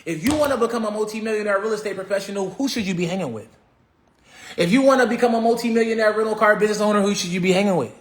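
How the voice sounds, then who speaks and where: A man, a real estate coach giving an emphatic, repetitive motivational talk on a livestream. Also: high voice.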